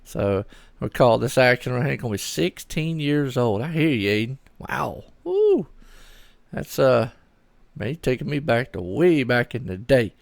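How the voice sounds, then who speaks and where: A man's voice: medium pitch, normal speed, vocal fry, dry recording. A middle-aged man, doing solo live commentary on a sim race and chatting loosely with viewers. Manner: chatty, rambling, talks to chat viewers.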